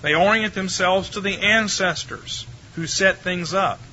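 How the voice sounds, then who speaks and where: A man's voice: high voice, unhurried, sharp tone, lo-fi sound, a little hiss or hum. An older man giving a theology lecture to a live audience in a wry, conversational way, putting rhetorical questions to his listeners.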